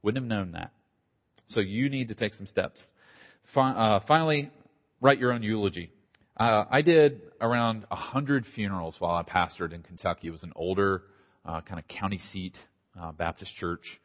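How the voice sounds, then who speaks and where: A middle-aged man, a pastor, giving a conversational conference talk with quick asides and a slight Southern accent. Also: lowish voice. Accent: slight Southern American. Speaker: pastor and church planter. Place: conference hall. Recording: dull audio in a large hall.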